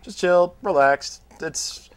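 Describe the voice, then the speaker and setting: A man's voice: high-pitched, slow, clear, resonant tone. Laid-back guest co-host man. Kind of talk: casual chat.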